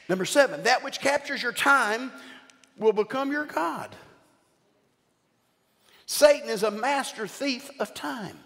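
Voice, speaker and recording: An older man, a bishop, preaching a sermon with animated storytelling and call-outs to the congregation. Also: very high voice, slow, creaky, long pauses. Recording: long hall reverb.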